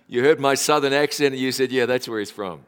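In a reverberant church hall, a pastor in his forties preaches a chatty, self-deprecating sermon. His New Zealand accent is slightly Americanized, and he speaks at a moderate pace with a clean, medium-pitched tone.

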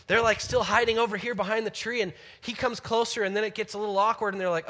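An animated man teaching from the Bible with real enthusiasm, moving between scripture reading and lively, chatty reflection. His voice has a bright, forward edge. A long echo trails after him, as in a large hall. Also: sits high, fast, few pauses.

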